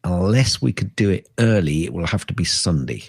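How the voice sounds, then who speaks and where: A man chats as a podcast co-host. His voice is low and a little husky. He sounds relaxed and jokes drily, close to a dry mic. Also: fairly quick, no room sound. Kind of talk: casual chat.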